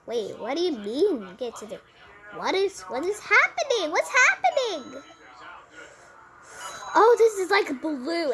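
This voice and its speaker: Very high-pitched, excitable young woman gamer. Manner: excitable, squealing and giggling at surprises; narrates every on-screen event aloud. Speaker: gameplay commentator. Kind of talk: excited let's-play commentary.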